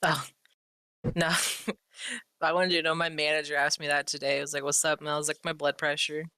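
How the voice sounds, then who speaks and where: A man's voice: fairly high pitch, level tone, fairly quick, bright, forceful tone, clear, resonant tone, no echo, studio quality. A man chatting in a laid-back, joking way with friends. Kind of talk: casual chat.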